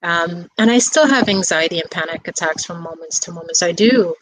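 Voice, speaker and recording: A woman guest speaking in a soft, reflective way, talking casually with a few restarts and fillers. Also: lowish voice, a little fast, low-quality recording. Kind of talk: casual conversation.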